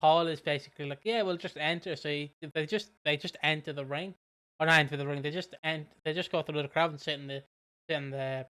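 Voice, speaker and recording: Chatty man, smooth voice. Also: on the high side, steady tone, fast talker, sharp tone. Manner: swearing, jokey, rambling with fillers. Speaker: podcast co-host. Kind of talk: casual chat.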